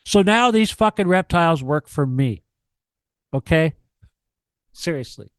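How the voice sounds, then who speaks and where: A man's voice: fairly high pitch, lively intonation, a little slow, no echo. A man ranting on a radio talk show, profane and emphatic, lecturing and repeating himself.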